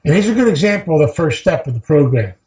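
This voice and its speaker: A man's voice: on the high side, sing-song, fast, a little mellow, roomy sound, low-quality recording. A man giving a heartfelt recovery talk, telling stories earnestly and repeating key phrases for weight. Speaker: recovery speaker.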